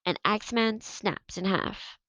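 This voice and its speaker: A woman's voice: mid-range voice, steady tone, measured pace, a bit bright, dry recording, voice pushed up, lightly acted, low-quality recording. A woman reading aloud and voicing a cocky, mocking teenage boy who leads the soccer team. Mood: swaggering. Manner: taunting, swaggering.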